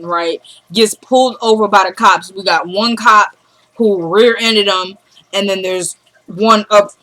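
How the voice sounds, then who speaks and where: A woman vlogger in a casual, animated recap of a TV drama, talking straight to her viewers and laughing often. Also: medium pitch, rough recording.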